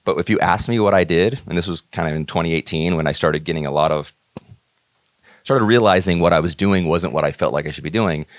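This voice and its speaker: A man's voice: low voice, a little fast, dry recording. A middle-aged man from Northern California giving a motivational talk, telling stories and acting out the dialogue with rising emphasis. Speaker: keynote speaker.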